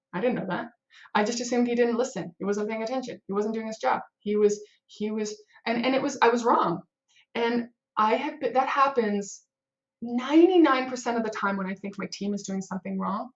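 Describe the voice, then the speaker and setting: A woman's voice: on the high side, highs cut off. A woman who runs a web team, giving casual advice to camera in a rambling style, full of fillers and acted-out moments of inner panic. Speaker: head of a web development team.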